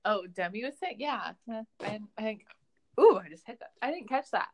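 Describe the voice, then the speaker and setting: A woman's voice: on the high side, very animated, moderate pace, a little mellow, a little hiss or hum. Casual self-deprecating woman in her twenties. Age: 20s. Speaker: podcast co-host. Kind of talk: casual recap chat.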